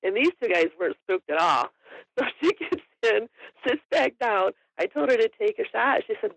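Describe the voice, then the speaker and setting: Brief: woman guest, gravelly, chatty storyteller who laughs a lot, dull lo-fi audio. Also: medium pitch, normal speed, no room sound. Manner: chatty, laughs often while telling the story. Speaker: hunting guest. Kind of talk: casual storytelling in an interview.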